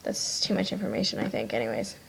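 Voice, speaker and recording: A woman's voice: very deep voice, sing-song, quick pace, gravelly, breathy edge. A teenage girl chatting casually to her webcam while wiping off her makeup, rambling with lots of likes and ums. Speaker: vlogger. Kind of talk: casual chat to camera.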